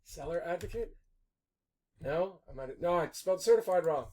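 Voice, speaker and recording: A man talking casually and off the cuff as an attorney and broker, animated and rambling, often stopping short and restarting. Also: a little high, quick pace. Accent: Californian English. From California. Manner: animated, rambling, self-interrupting. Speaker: attorney and real estate broker. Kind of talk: casual off-the-cuff video talk.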